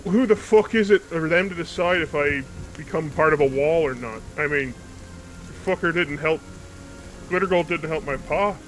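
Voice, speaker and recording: Dude role-playing his character, blunt and cussing, bright forceful voice. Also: fairly high pitch, moderate pace, soft background music, rough recording. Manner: blunt, swearing, skeptical. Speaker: player. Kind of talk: in-character tabletop role-play.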